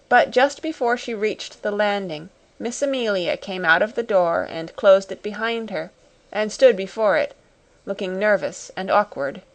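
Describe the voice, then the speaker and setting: A woman narrating a classic storybook audiobook in a measured, even manner. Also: medium pitch.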